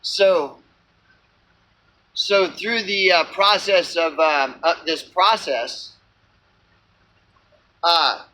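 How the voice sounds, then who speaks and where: A man with a high, sharp voice rants to his camera in a loose vlog. He swears freely and circles back on himself with many fillers and false starts. His tone is tense and bright throughout. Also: very slow, long pauses, poor audio. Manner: profane, repetitive, many fillers and restarts. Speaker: small channel vlogger. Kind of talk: rambling unscripted rant to camera.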